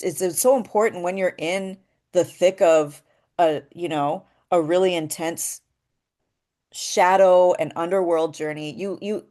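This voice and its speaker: A woman speaks in a somewhat low voice, earnest and unhurried. She gives a reflective talk on voice work in spiritual terms and keeps checking in with a soft rhetorical question. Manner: earnest, often asks a rhetorical "right?". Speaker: voice actor and workshop speaker.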